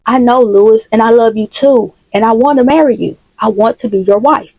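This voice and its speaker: A woman's voice: fairly high pitch, a little fast, a little mellow, dry recording, low-quality recording. A woman voicing a loving but firm woman store owner. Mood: tender.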